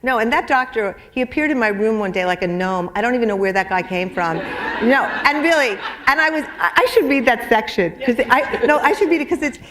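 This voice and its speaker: A middle-aged woman author on a library stage, talking about her illness haltingly with many restarts, then reading from her memoir. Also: a little high, expressive, a bit bright. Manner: halting, repeats words when speaking freely.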